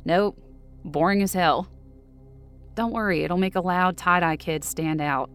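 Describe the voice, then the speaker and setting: A woman's voice: fairly low pitch, measured pace, faint music behind, natural voice. A woman voicing a weary, blunt young gas-station clerk, talking in a dry, offhand way. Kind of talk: audio drama dialogue.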